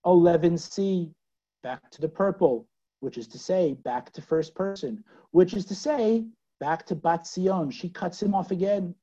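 A woman teaching a scripture lesson in a dramatic way, asking her listeners questions and swinging from loud to hushed. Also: fairly low pitch, unhurried, slightly rough. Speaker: Bible teacher. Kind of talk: expressive scripture lecture. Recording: dull lo-fi recording.

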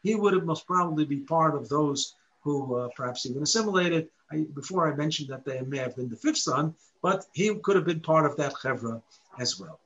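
A man teaching a Torah lesson in a high, bright voice that rises and falls with great liveliness. He recites Hebrew verses and poses rhetorical questions, building his explanation step by step. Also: animated, fairly quick, dull audio.

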